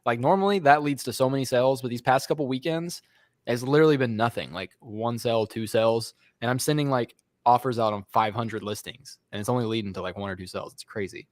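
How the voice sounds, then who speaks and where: A man's voice: medium pitch, quick pace, no room sound. A man co-hosting a live reselling stream, talking casually with lots of "like" and "bro". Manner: casual, filler-heavy, saying "like" and "bro" a lot. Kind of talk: casual livestream chat.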